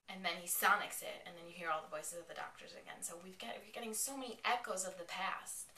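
A woman giving an excited, chatty plot recap of a TV episode, full of "like" as she retells the scenes. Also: lowish voice, fast talker. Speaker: TV episode reviewer. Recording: echoey, distant from the mic.

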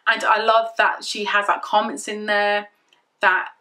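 A woman's voice: mid-range voice, little pitch movement, a little slow, pushed and bright. A young woman chatting casually through a product review, rambling and repeating herself as she gushes. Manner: rambling, repetitive and gushing. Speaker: beauty vlogger.

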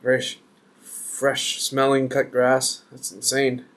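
A man's voice: medium pitch, monotone, slow, a bit bright. A man reviewing a beer on camera, chatty and joking as he thinks aloud. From Canada.

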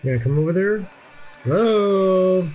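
A man playing a video game on camera, chatting casually and excitably, swearing when things go wrong and quickly apologizing, with game music faintly behind. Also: sits high. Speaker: let's play gamer. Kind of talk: casual gameplay chat.

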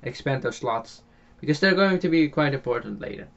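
A man with a Dutch accent talks through a farming game in a relaxed, halting way, often pausing on filler sounds and starting phrases over. His voice sits at a middling pitch. The home mic sounds dull and lo-fi. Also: creaky. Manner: hesitant, many filler sounds and restarts. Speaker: game channel host. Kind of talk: casual gameplay commentary voiced afterwards.

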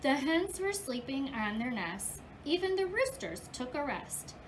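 A woman preschool teacher reads a picture book aloud to young children, slowly and with care. Her voice sits high and swoops widely as she gives the lines an expressive storybook lilt, breaking into playful animal noises along the way. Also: slight background noise, rough recording.

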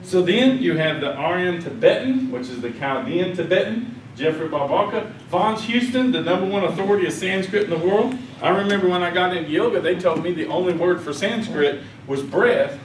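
Animated man lecturing in an echoey hall. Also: high-pitched, a little fast, few pauses, far from the mic, slight background noise. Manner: animated storytelling with quoted voices. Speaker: conference speaker. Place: conference hall. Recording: echoey hall, speaker off mic.

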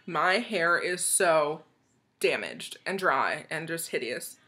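A woman's voice: deep voice, expressive, takes it slowly, bright, forceful tone. A young woman from the United States chatting casually as she opens a package, bubbly and gushing, with frequent giggles. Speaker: vlogger opening a swap package. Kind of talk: casual excited unboxing chat.

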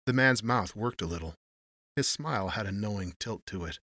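A man narrating a noir story in a measured storytelling manner. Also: on the low side, lively intonation, pushed and bright, no echo, studio quality.

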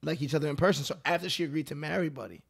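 A man's voice: a little high, rapid-fire, creaky, slightly rough. A man co-hosting a podcast, casually and agreeably recounting a dating show. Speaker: podcast co-host.

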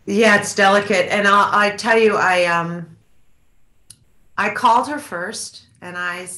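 A woman in her fifties, an author being interviewed in a candid onstage talk, reflective and halting, often restarting her sentences. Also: medium pitch, sharp tone, echoey room.

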